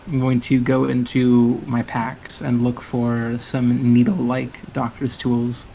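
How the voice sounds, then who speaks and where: A man playing a tabletop game, describing his character's actions and thinking aloud over his rolls in a deliberate way. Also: mid-range voice, completely flat delivery, creaky, dark tone, a little hiss or hum, rough recording. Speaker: player. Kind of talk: casual tabletop role-play.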